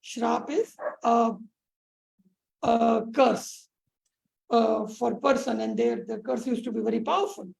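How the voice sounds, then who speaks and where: A woman meditation teacher telling a spiritual teaching story on a support call, with many pauses, fillers and restarts. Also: on the high side, fairly even intonation, gravelly, darkish tone, low-quality recording.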